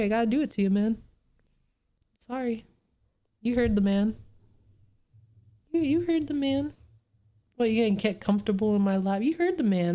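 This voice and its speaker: A woman's voice: medium pitch, dark tone. A young woman streaming a story game who reads the text aloud, laughs often, swears and chats to her cat while she plays.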